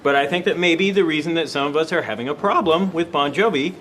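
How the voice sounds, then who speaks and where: Brief: a man playing a tactful, hesitant bandmate, somewhat high voice. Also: quick pace, a bit bright, slight background noise, lightly acted. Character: hesitant adult male band member.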